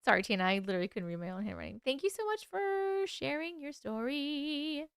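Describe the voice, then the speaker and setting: A woman's voice: high-pitched, sing-song, fairly quick, no room sound, clean studio sound. A woman hosting a late-night livestream, chatting sleepily with her viewers, swearing and yawning as she reacts to their stories. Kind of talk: casual livestream chat.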